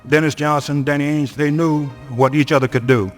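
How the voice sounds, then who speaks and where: A man's voice: fairly high pitch, steady tone, fairly quick, soft background music. A man who coached basketball, telling stories from his career in a plain-spoken way with chuckles. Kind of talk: recalled interview storytelling.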